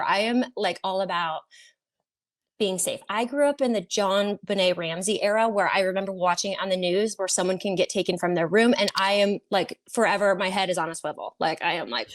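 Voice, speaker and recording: A woman's voice: mid-range voice, normal speed. A woman who works as a reality TV producer tells a story on a podcast with drama and plenty of swearing, acting out her own panic. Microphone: podcast studio mic.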